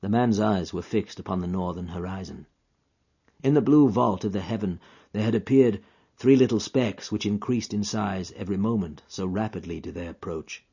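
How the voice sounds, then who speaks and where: A man narrating a story in a measured, plain reading voice, in a lo-fi recording. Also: fairly low pitch, warm tone, breathy edge. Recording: dull lo-fi recording.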